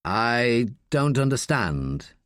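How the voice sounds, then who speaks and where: A man's voice: mid-range voice, big pitch swings, extremely slow, fairly bright tone, clear, resonant tone, dry recording, clean studio sound, heavily acted. A man voicing a reserved young male student who speaks carefully. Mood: guarded. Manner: careful, restrained.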